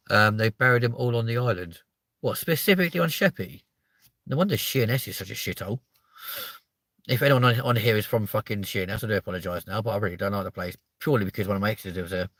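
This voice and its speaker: A man's voice: fairly low pitch, bright, forceful tone, no echo. A young man, chatting casually to viewers on a live stream, rambling and swearing his way through stories.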